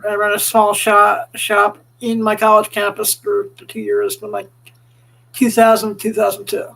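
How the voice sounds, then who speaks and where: High-voiced friendly middle-aged man. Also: monotone, moderate pace, gravelly, sharp tone, low-quality recording. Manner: friendly, stammers when starting a thought. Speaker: podcast co-host. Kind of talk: casual podcast chat.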